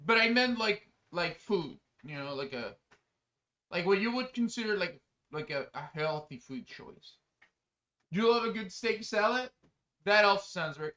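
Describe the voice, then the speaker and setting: A man chatting casually on a live stream, answering chat in a rambling, excitable way that breaks into loud exclamations. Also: high-pitched, muffled recording. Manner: chatty, rambling, many fillers.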